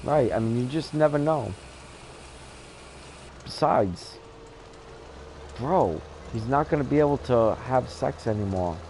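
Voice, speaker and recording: A man's voice: medium pitch, lively intonation, a little slow, long pauses, a little mellow, a little hiss or hum, poor audio. Blunt, laughing man telling stories. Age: 50s. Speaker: gaming channel host. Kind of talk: casual chat while gaming.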